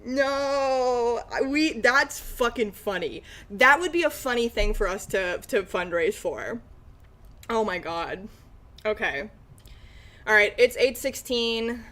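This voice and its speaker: A woman's voice: mid-range voice, animated, unhurried, sharp tone. A woman chatting casually with her stream viewers and breaking into frequent laughing fits. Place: room lit by natural light.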